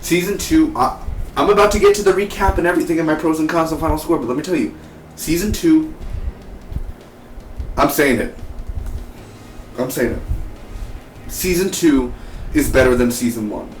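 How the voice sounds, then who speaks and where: A man giving a casual, excitable TV review, rambling with many restarts. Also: a little high, normal speed, long pauses, distant mic. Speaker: TV show reviewer. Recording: echoey room, off-mic, faint hiss.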